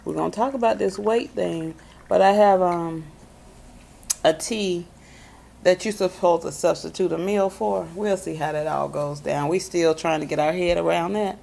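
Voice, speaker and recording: A woman's voice: lowish voice, gravelly, warm tone. A woman, hosting a casual, folksy chat to camera. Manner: chatty, folksy, drawn-out emphasis. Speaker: vlog host.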